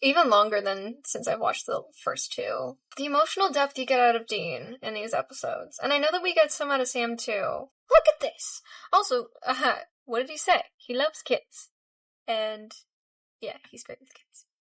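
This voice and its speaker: A woman's voice: a little high, sing-song, normal speed, a bit bright, dry recording, recorded from a distance. A woman hosting a reaction video, talking back to the screen in an emotional, gushing way. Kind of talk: casual reaction commentary.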